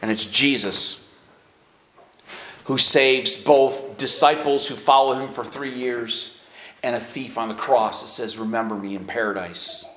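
A man preaching a sermon as pastor, moving between quiet earnest stretches and high, emphatic rises. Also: fairly even intonation, slow pace, slight background noise. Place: church sanctuary. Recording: echoey church hall.

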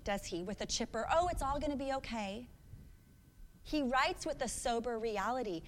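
A woman's voice: fairly high pitch, a bit bright, long reverb tail, a little hiss or hum. A woman in her thirties preaching a sermon, earnest and reflective, asking the congregation questions. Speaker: pastor.

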